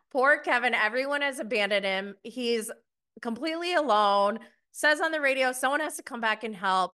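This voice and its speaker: Young woman gossiping about a reality show, bright voice, laughs a lot. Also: mid-range voice, clean tone. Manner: gossipy, laughs often, mocking quotes. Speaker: podcast host reviewing a reality show. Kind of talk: casual recap.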